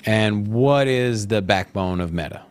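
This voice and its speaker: A man co-hosting a casual crypto news show, opinionated and expressive, often laughing along. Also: on the low side, measured pace, clear, resonant tone. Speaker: co-host.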